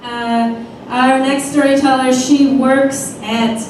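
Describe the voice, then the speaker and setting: A woman host introduces the next act in a slow, plain way, her voice high in pitch. She is far from the mic in a room with heavy echo and clear background noise. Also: flat delivery. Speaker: event host. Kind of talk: introducing performers. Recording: roomy live room from a distance.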